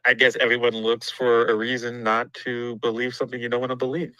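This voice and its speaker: A man reading courtroom notes aloud in a steady, matter-of-fact way as a guest on a livestream discussion. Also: mid-range voice, a little fast, clean tone, dry recording, rough recording.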